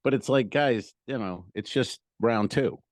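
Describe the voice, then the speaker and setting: A man, a comedian and podcast co-host, telling stories in animated, casual banter and swearing freely. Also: mid-range voice, a little slow, dry recording.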